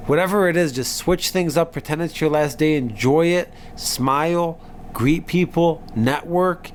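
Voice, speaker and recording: A man's voice: on the high side, normal speed. Upbeat motivational man, faint noise. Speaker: podcast co-host. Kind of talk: casual podcast chat.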